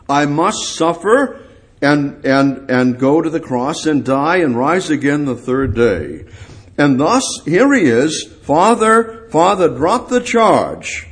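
A man preaching a sermon in a halting way, repeating phrases for emphasis, rising on key words and then dropping low.

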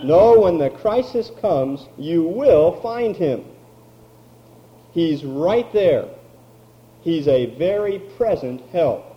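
Man, pastor, sermon, high voice, unhurried, emphatic, muffled recording. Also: lively intonation. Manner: slow, emphatic preaching with drawn-out words.

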